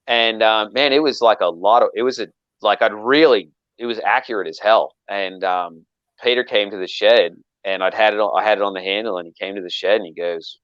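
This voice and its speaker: A man's voice: deep voice, fast, dry recording, dull audio. A man telling a long story in casual chat, rambling with frequent restarts and acting out quoted lines. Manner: rambling with many restarts, animated quoting. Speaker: knifemaker guest.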